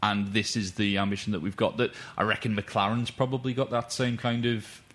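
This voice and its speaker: A man joining a football podcast as a guest, talking casually and quickly, with firm opinions and the odd swear word. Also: on the low side, little pitch movement, fairly bright tone.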